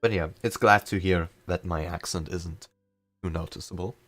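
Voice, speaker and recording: Deep-voiced man with a slight German accent. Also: fairly even intonation, normal speed, a bit bright, soft background music. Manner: chatty, rambling, self-deprecating. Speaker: streamer. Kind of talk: casual chat during a live game stream.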